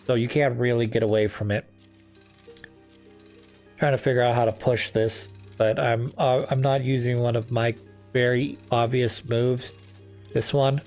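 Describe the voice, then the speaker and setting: A man's voice: medium pitch, fairly even intonation, measured pace, pauses often, a little mellow, soft background music. A man hosting a let's-play, chatting casually and drifting between topics as he plays, with lots of fillers and restarts. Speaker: gaming channel host. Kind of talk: rambling let's-play commentary.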